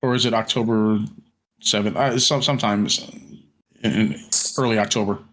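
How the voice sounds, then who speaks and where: A man's voice: on the low side, fairly even intonation, moderate pace, fairly bright tone, a little hiss or hum. A man co-hosting a podcast in casual chat, rambling with many fillers and restarts and some casual swearing. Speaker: podcast co-host.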